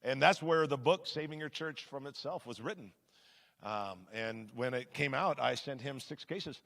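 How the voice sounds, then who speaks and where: A pastor preaching a sermon to his congregation in a conversational, emphatic way, swinging between loud and hushed. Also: mid-range voice, moderate pace. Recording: long hall reverb.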